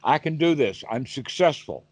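A man's voice: mid-range voice, expressive, moderate pace, slightly rough, dry recording. A man teaching meditation over a call, asking his listener questions and giving vivid everyday examples. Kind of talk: Dhamma talk on a call.

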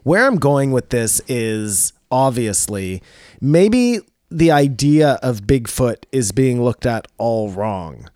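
Speaking slowly yet very animated, this podcast co-host has a medium-pitched, darkish male voice. He chats casually and rambles, full of fillers and restarts, in a dry, clean studio recording.

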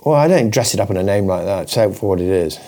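A middle-aged man from Britain, co-hosting a loose comic chat with a warm, mellow voice. He talks bluntly and swears a lot, and his pitch rises and falls in lively swings. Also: fast. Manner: blunt, sweary, laughs often. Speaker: podcast co-host. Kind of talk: casual comedic chat.

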